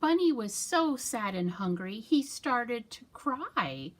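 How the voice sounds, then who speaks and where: A woman children's librarian leads a storytime, reading with big, lively swoops in her voice. She takes her time and speaks slowly for little listeners. Her voice sits somewhat high. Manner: animated, with sound effects and hand-motion rhymes.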